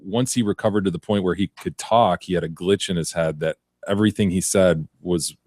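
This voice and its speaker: Deep-voiced laid-back podcast guy. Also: brisk, a little mellow, no echo. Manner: laid-back, dry quips. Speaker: podcast co-host. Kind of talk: casual comedic chat.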